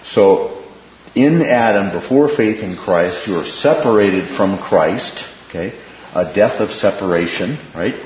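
A man with a lowish voice teaching a relaxed Bible study, often stopping to ask "right?" and repeating key phrases. He is recorded in an echoey room with dull, lo-fi sound and a faint hiss behind him. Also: unhurried. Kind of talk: informal Bible class teaching.

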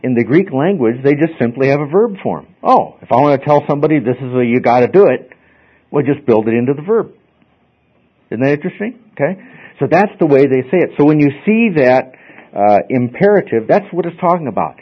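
A man's voice: medium pitch, lively intonation, a little fast, slightly rough. Male teacher mid-lecture in a classroom, patient explainer, slightly dull lo-fi recording. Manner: explains step by step, checks in with frequent "okay?". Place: classroom with students.

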